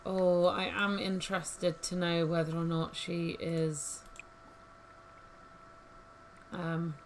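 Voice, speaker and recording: A woman's voice: on the low side, flat delivery, slow, a little hiss or hum. A woman casually commentating her life-simulation gameplay, chatty and giggly as she thinks aloud. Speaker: gaming YouTuber. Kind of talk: casual let's-play commentary. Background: faint game music.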